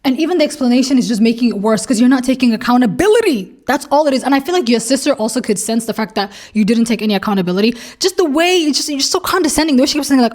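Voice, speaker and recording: A woman's voice: on the high side, fast talker, hardly any pauses. A woman hosting a reaction video, ranting bluntly and heatedly as she comments on online posts, swearing freely. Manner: animated, emphatic rants.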